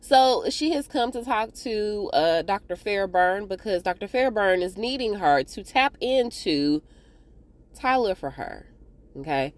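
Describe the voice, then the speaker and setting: A woman talks through a TV episode recap in a loose, chatty way, throwing asides to her viewers as she retells scenes. Her pitch swings widely around a mid-range voice, lively and expressive. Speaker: TV recap host.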